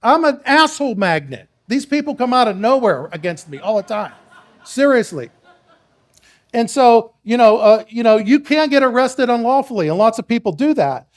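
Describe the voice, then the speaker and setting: A man's voice: extremely high pitch, sing-song, normal speed. A man speaking to a live audience, telling rambling stories, acting out exchanges with others, and putting questions to the crowd. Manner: storytelling, acts out quoted exchanges; rambling with restarts, addresses the crowd. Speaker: speaker at a public meeting.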